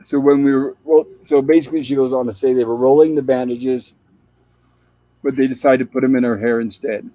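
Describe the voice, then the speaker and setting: A man's voice: medium pitch, fairly even intonation, brisk, dark tone, no echo, rough recording. A man hosting a show, chatting casually as he retells the plot of an old TV episode. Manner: chatty, plain storyteller. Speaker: show host.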